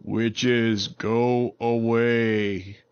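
Brief: talking tree giant, put on by a man, drawn-out commands, dull lo-fi sound. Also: little pitch movement, smooth, no room sound. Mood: commanding. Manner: slow, booming, drawn-out.

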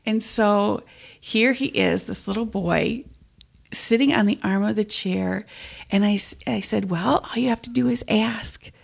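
A middle-aged woman speaks as a guest, recalling stories tenderly and reflectively, often pausing to find her words. Her mid-pitched voice has a noticeable gravelly fry. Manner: tender, reflective storytelling with many pauses. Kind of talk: interview conversation.

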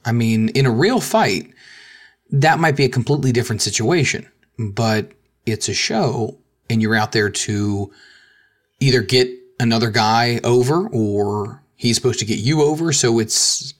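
A man's voice: medium pitch, a little slow. A man hosting a podcast, asking his co-hosts questions and plugging a book. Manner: asks guests questions, plugs a book. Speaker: podcast host. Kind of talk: casual chat.

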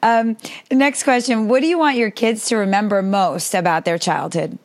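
A woman's voice: mid-range voice, normal speed. A woman in her forties hosting a podcast, asking set questions and responding with encouragement. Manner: upbeat, encouraging, scripted questions. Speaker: podcast host. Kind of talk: interview hosting.

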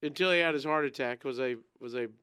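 A man's voice: mid-range voice, fast, smooth, dry recording, studio quality. A man telling a rambling childhood story in casual chat. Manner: rambling, animated, acts out quoted voices.

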